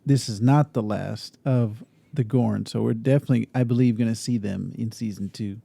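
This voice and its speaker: A man with a gravelly, mellow voice co-hosts a relaxed podcast chat. He tells his stories in a steady, agreeable way. The sound is dry and close, with no room around it. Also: lowish voice, normal speed, dry recording. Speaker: podcast co-host. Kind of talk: casual chat.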